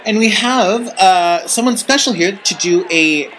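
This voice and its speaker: A man co-hosts a comedic mock talk show with a high, bright voice. He hesitates a lot and fills the gaps with ums and uhs. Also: animated, unhurried, a faint crowd, slight background noise, low-quality recording. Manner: hesitant, full of fillers. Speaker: co-host.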